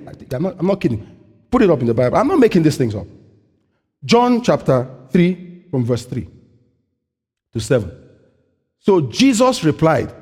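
Animated, husky-voiced male preacher. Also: high-pitched, moderate pace. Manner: animated preaching with call-and-response questions. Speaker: pastor. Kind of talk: sermon. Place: church. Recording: long hall reverb.

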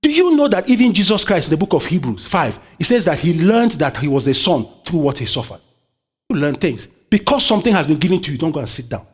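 A fast-talking preacher with a slightly rough voice and big swings in pitch delivers his sermon. He often prompts the congregation with "what?" to finish his sentences in call-and-response. His tone shifts between loud, high exhortation and quiet, low asides.

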